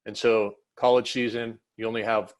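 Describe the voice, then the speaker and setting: A man's voice: lowish voice, flat delivery, moderate pace, dull audio. A man hosting a coaching video call, talking casually and rambling a little as he sets up questions. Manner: casual, rambling, self-correcting. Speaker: host and volleyball coach. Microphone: video call mic.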